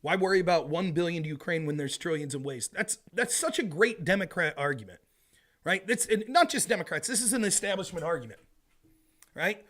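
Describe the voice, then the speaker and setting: A man's voice: high voice, fairly quick. A man hosting a solo political commentary show, from the United States, talking with a sarcastic, mocking edge. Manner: sarcastic, mocking impressions, grows loud and animated.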